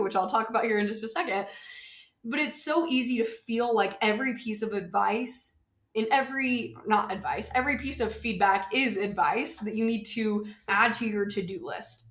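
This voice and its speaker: A woman's voice: on the high side, moderate pace, fairly bright tone, echoey room. A woman hosting her own podcast in a home office, chatting casually and a little out of breath, stressing her points by repeating them. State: slightly out of breath. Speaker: podcast host. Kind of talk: casual solo podcast talk.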